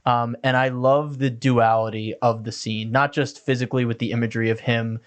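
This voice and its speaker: A man's voice: mid-range voice, flat delivery, a little fast, clear, resonant tone. A man co-hosting a podcast, chatting casually and enthusiastically about an anime episode, with many "like" fillers. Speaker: podcast co-host.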